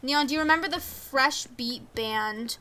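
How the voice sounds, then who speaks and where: Teen girl streamer, high bright voice, chatty, reads chat and reacts to game characters. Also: measured pace. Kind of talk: casual live-stream chat while gaming.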